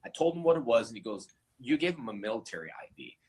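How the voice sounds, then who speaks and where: A man with a husky, slightly breathy voice spins casual anecdotes in an interview. He is animated and acts out the voices of people in his stories. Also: medium pitch, fast talker, rough recording. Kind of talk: casual storytelling.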